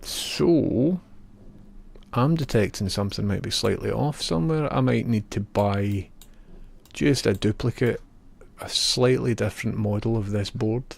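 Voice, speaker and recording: A man's voice: on the low side, a little slow, gravelly, darkish tone, husky. A young Scottish man chatting casually on a live stream, trading jokey banter, laughing often and rambling through asides.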